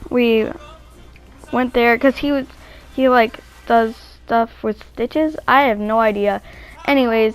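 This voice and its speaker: A woman's voice: fairly high pitch, smooth, poor audio. A young woman casually telling a personal story, rambling with many restarts, fillers and "like"s. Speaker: vlogger.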